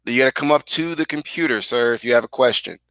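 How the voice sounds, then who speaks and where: A man's voice: mid-range voice, quick pace, background noise. A male teacher guiding students through an online class on a video call, talking casually but directly and firmly.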